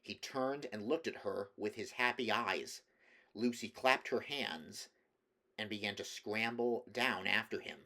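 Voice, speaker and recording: A man reading a novel aloud at a measured pace, with small slips and restarts. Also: fairly low pitch, bright, forceful tone. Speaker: audiobook reader.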